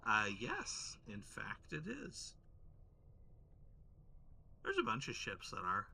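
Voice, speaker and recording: A man's voice: fairly low pitch, huge pitch swings, unhurried, creaky, bright, forceful tone. A man co-hosting a livestream, joking and teasing his friend while they play a game. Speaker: co-host and gamer. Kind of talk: casual livestream gaming chat.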